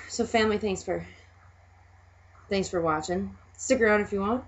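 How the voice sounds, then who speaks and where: A woman's voice: mid-range voice, normal speed. Rambling woman vlogger, lo-fi sound. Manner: rambling, hesitant with many fillers. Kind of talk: casual chat. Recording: dull lo-fi recording.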